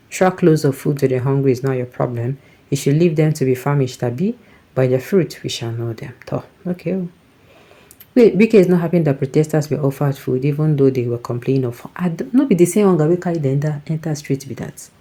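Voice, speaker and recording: A man's voice: medium pitch, dark tone. A Nigerian man hosting a news commentary show, reading out viewer comments and adding his own remarks, often slipping into Pidgin asides.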